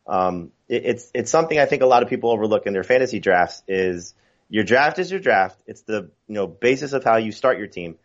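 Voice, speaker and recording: A man's voice: on the low side, expressive, fairly quick, lo-fi sound. A man talking fantasy football as a podcast guest, chatty and full of fillers and restarts. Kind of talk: casual podcast chat.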